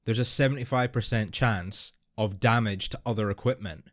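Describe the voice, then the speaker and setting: A man's voice: on the low side, normal speed, a bit bright, no room sound, clean studio sound. A man co-hosting a podcast, patiently explaining and defending a film's plot in casual chat. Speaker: podcast co-host. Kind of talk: casual film review chat.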